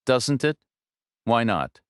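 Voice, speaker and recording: A man's voice: medium pitch, sing-song, takes it slowly, clean tone, no room sound, studio quality, voice pushed up. A man voicing an eager young woman lawyer. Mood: earnest. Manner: pressing, polite questions.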